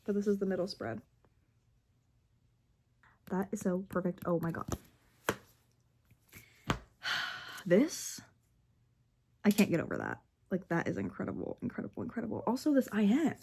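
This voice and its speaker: A woman's voice: mid-range voice, sing-song, normal speed, vocal fry, pauses often, noisy background. A young woman vlogging as she unboxes albums, gushing and gasping, swinging between squeals and whispers. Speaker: book and K-pop vlogger. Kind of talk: casual unboxing vlog.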